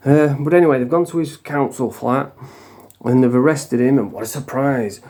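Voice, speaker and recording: Ranting British man, dark-toned voice. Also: mid-range voice, normal speed. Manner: rambling, heated and profane. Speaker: vlogger in addiction recovery. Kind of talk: casual monologue to camera.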